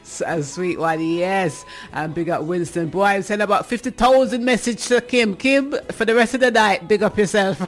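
A woman, hosting a livestream as DJ, reading chat names and giving shout-outs with frequent laughter. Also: mid-range voice, normal speed, hardly any pauses, faint music behind. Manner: laughs often, warm chatter. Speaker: livestream DJ host.

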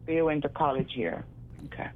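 A woman's voice: low-pitched, fairly quick, background noise. A blunt Jamaican woman calls in to a radio show and talks straight from the hip. She slides between plain English and patois as she goes. Her voice comes through a thin, tinny phone line. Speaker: caller. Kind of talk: call-in radio chat.

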